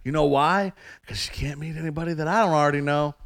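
A man in casual chat, telling stories with quick acted-out asides. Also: a little high. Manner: fast, animated storytelling with acted-out asides.

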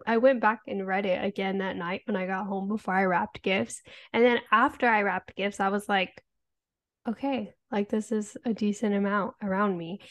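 A woman podcast co-host, a mother in her thirties, talking candidly in a rambling, casual way and swearing often. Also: medium pitch. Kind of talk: casual chat.

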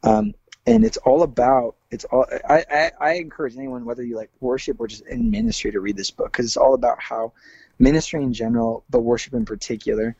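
A man's voice: medium pitch, sing-song, fairly quick, vocal fry, darkish tone, breathy edge, no echo, muffled recording. A man who is a worship leader, speaking earnestly in a casual interview, with many fillers and restarts.

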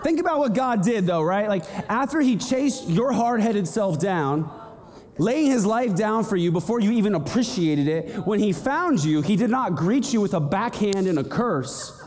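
A young male pastor with a high, light voice preaching with lively energy, slipping into quick acted-out voices. His words ring out with a long hall reverb around them. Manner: animated, acts out little scenes and voices. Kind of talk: sermon.

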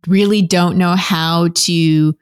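A woman's voice: fairly low pitch, fairly even intonation, takes it slowly, clean tone. Earnest woman coach explaining. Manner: earnest, teacherly, acts out example voices. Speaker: relationship coach, podcast guest. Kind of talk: explanatory interview answer.

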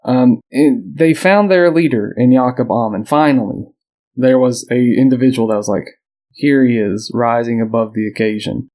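Speaking at normal speed in a mid-range voice, this man co-hosts a podcast and retells history casually. He sounds relaxed, frequently using fillers and breaking into small laughs.

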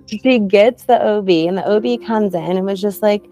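A woman's voice: mid-range voice, measured pace, mellow, faint music behind. A young woman telling her own story in a casual, chatty way, full of "like" fillers and light laughs.

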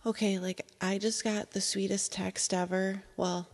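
A woman in her thirties hosting a casual solo podcast from home, talking in a chatty, heartfelt way that turns excited and emotional. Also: mid-range voice, takes it slowly, big-room sound. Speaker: podcast host. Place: at home, indoors.

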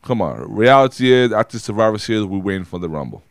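A man's voice: fairly low pitch, sing-song, fast, no room sound, clean studio sound. A man co-hosting a podcast, talking casually about wrestling in a rambling way, with lots of restarts and repeated words. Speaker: podcast co-host.

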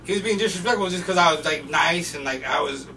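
A man's voice: a little high, quick pace, distant mic, crowd noise. A man from Portland telling profane, laughing stories as a podcast guest, recorded off-mic in a noisy room. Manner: profane, laughing, animated storyteller. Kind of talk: casual storytelling chat.

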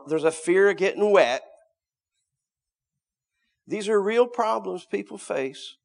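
There's a gravelly quality to this middle-aged preacher's voice. His sermon moves back and forth between booming emphasis and hushed asides, with repeated words whenever he begins a line again.

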